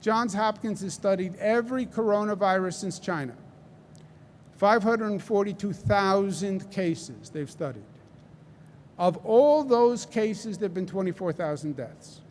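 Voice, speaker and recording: Governor at a press briefing: a man with a Queens accent, a higher voice for a man, speaking slowly and emphatically, hammering home each point. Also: animated, darkish tone, a little hiss or hum. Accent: Queens, New York. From New York. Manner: deliberate and emphatic, repeats key phrases, asks rhetorical "right?". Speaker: state governor.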